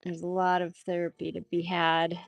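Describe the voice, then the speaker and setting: A woman's voice: fairly low pitch, completely flat delivery, moderate pace, creaky, no echo. A woman chatting casually with viewers while she draws on a livestream, laughing often as she reads out their comments. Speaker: art livestream host.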